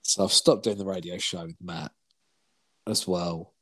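This man's voice is deep, steady, bright and forceful, and he takes his time. He's in his 40s, co-hosting a podcast, where he spins rambling stories casually, throws in the odd curse, and performs quoted dialogue.

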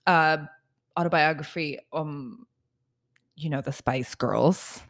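A woman co-hosting a podcast in casual chat, reacting quickly and animatedly. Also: low voice, a bit bright. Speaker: podcast co-host.

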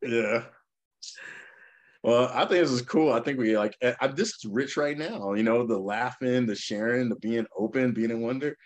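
A podcast co-host with a mid-range voice tells a story in casual chat at a moderate pace. He's an animated storyteller who acts out quotes in a raised voice.

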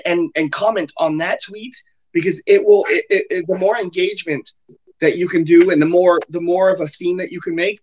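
A high-pitched man hosts a casual online group call, stumbling and repeating words as he explains. His voice sounds worn after a recent illness. He talks through a computer mic on the call. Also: rough recording. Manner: halting, repeats words, offers help eagerly. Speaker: host.

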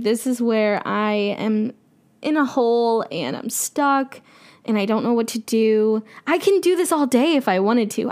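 A woman's voice: a little high, darkish tone. A woman hosting a podcast, talking candidly and rambling, swearing freely in casual chat. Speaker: podcast host.

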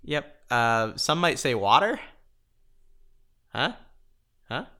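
A man co-hosting a podcast in casual chat, laughing often and filling pauses with ums. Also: mid-range voice, sing-song, bright, forceful tone. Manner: chatty, laughs often, many fillers. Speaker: podcast co-host.

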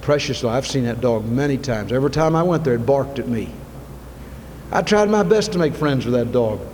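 Fervent preacher with echoing hall sound. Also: male voice, mid-range voice, expressive, normal speed. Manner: swings from soft and intimate to loud fervent shouting. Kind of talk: sermon. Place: church sanctuary. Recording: long reverb, faint ambient noise.

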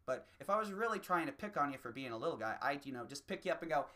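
A comedian delivering a profane, rambling, self-mocking solo rant that swings between low mutters and loud bursts. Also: animated, very fast, hardly any pauses.

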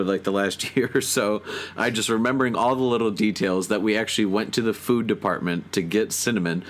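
A man hosting a podcast, chatting casually with a guest, laughing and using lots of fillers. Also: fairly low pitch. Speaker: podcast host.

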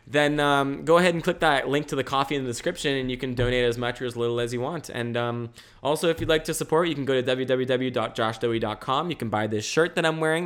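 A man's voice: medium pitch, fairly bright tone, smooth. A young man hosting a casual solo podcast from home, rambling with restarts and swearing. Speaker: podcast host. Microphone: camera mic.

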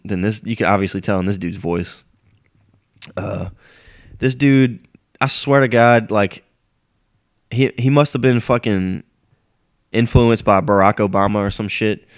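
Young man, sick and sniffly, low-ish voice, profane rambling solo rant host. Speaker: podcast host.

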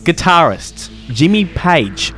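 A man's voice: on the high side, big pitch swings, slow, a bit bright, soft background music. A young man co-hosting a casual podcast, telling a rambling story and cutting himself off often. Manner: rambling, self-interrupting storyteller. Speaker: podcast co-host. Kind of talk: casual chat.

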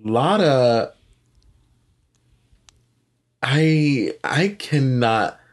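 A man's voice: medium pitch, expressive, very slow. A man co-hosting a casual chat, asking curious questions with lots of hesitant fillers. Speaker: podcast co-host.

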